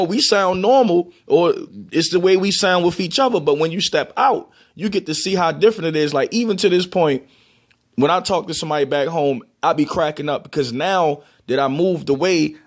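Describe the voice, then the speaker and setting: A man from Baltimore with a Baltimore accent, casually explaining and demonstrating how words are pronounced, with loose restarts. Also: a little high. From Baltimore, USA. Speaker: vlogger.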